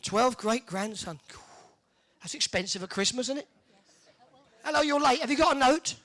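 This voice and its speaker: A tournament MC, joking and teasing the audience during crowd warm-up banter in an indoor arena. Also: high-pitched, animated, moderate pace.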